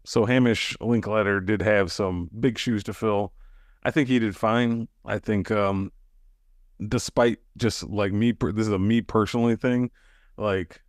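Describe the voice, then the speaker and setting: A man co-hosting a podcast, chatting casually and relaxed, often hedging with fillers. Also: fairly low pitch, unhurried, no room sound, clean studio sound. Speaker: podcast co-host. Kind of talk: casual chat.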